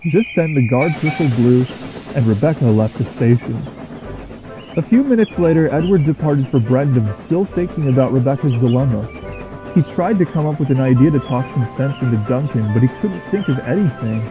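A man narrating a children's train story in a steady storytelling manner. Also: mid-range voice, moderate pace, music in the background, rough recording.

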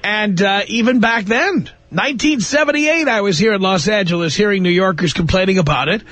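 A man's voice: sits high, brisk, fairly bright tone, no echo. A man in his fifties hosting a call-in radio talk show, opinionated and wry. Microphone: studio microphone.

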